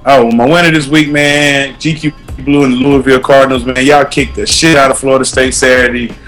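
A man with a mid-range voice chatting and ranting loosely in a podcast. He tells his stories in a relaxed, profane way. Faint music sits underneath. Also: mid-range voice, a little fast. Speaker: podcast co-host. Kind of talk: casual profane chat, ranting.

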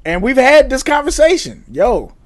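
A middle-aged man co-hosting a casual chat, telling stories in a profane, animated way with frequent laughs. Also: very high voice, normal speed. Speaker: podcast co-host.

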